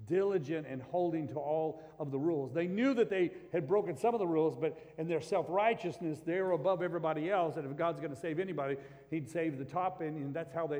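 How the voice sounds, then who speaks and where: A man delivers a sermon with a slightly higher voice, his words carrying a long reverb through a large hall. He swings between loud, emphatic preaching and quiet, low reading of scripture.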